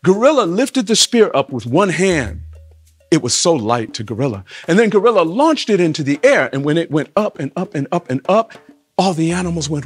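A man telling a folktale to listeners, with rhythmic refrains and big shifts in pitch and volume. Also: very animated, brisk, husky, faint music behind. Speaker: storyteller.

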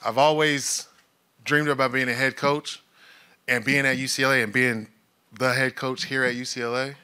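A man at a press conference speaks with fervent, earnest emotion in short bursts. His mid-range voice sounds bright and forceful. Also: medium pitch, fairly even intonation, moderate pace, clear, resonant tone. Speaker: new head football coach.

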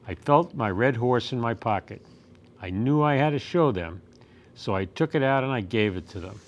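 A man reading a children's picture book aloud at storytime, with gentle, expressive storytelling. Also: medium pitch, moderate pace. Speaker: storytime reader.

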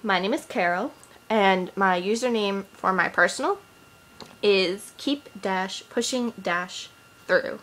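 Her accent challenge vlog has this twentysomething Boston woman, Boston-accented, reading questions aloud and answering them with casual jokes. She talks slowly at medium pitch with a fairly bright tone. The rough recording, made on an iPod's built-in mic, has slight background noise.

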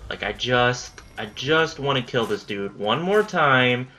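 A man's voice: mid-range voice, animated, slow, sharp tone, dull audio. A young man giving casual commentary on his own gameplay, frustrated, swearing and muttering at the enemy.

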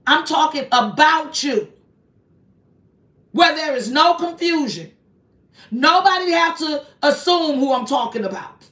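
A woman with a high voice runs a confrontational live stream, pressing one target with repeated accusing rhetorical questions in a preachy tone. She sits back from the mic, and the room around her sounds echoey. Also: expressive, unhurried, long pauses, fairly bright tone. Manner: preachy, invokes God. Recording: roomy echo, voice distant from the mic.

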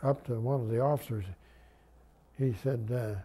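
An older veteran recounts his memories in a loose, folksy way, often stopping to restart a sentence. His voice is mellow and dark, with a husky edge. He sits at a middling pitch for a man. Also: steady tone, moderate pace, long pauses. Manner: rambling, folksy, many restarts. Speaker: WWII veteran interviewee. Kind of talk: oral history storytelling.

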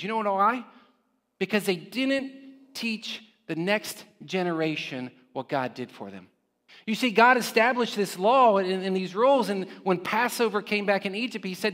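Man, preacher, sermon, high voice, conversational, rhetorical questions, long church reverb. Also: a bit bright. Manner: conversational, with frequent rhetorical "right?" check-ins. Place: church sanctuary.

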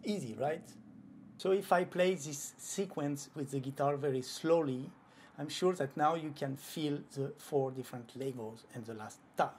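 An online flamenco guitar teacher explains patiently, voicing rhythm syllables aloud, with faint guitar playing in the background. The voice is medium-pitched at normal speed.

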